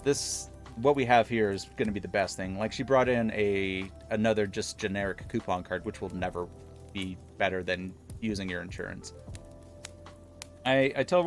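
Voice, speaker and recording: A man's voice: on the low side, normal speed, faint music behind. A man casually telling viewers an exasperated story from his pharmacy job, acting out the dialogue as he goes. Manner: exasperated, animated retelling with quoted dialogue.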